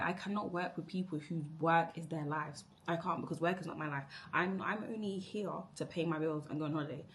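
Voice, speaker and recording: A woman's voice: lowish voice, slight background noise. A young woman venting about her job to camera in a rambling, exasperated way, repeating herself. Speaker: vlogger. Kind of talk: emotional work rant to camera.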